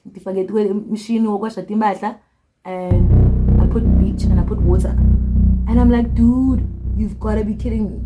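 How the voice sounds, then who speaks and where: A young woman telling a storytime tale in casual, slangy chat, acting out the people she quotes. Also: medium pitch. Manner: animated, slangy, acts out quoted voices. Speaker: storytime vlogger.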